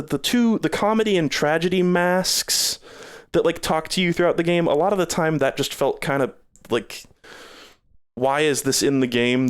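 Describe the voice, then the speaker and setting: A man's voice: mid-range voice, clean tone. A man streaming live, giving rambling casual game reviews with many fillers, tired and starting to lose his voice.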